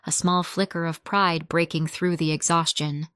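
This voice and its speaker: A woman narrating a scripted first-person family story in a measured, soft-spoken way. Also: on the low side, little pitch movement, clear, resonant tone, no room sound, studio quality.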